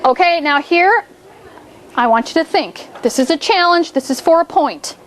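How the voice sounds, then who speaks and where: A woman teacher with a very high voice leads a phonics drill in a classroom. She draws out her questions and repeats the cues while the children think. A faint hiss of classroom noise sits under her voice. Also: lively intonation, a bit bright. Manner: coaxing, drawn-out prompts with repeated cues. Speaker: fourth grade teacher.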